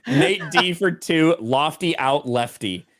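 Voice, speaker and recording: A man's voice: on the high side, lively intonation, slow pace, a bit bright, dry recording. A man co-hosting a casual livestream, reading out viewer donations and swearing offhandedly. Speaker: livestream co-host reading superchats.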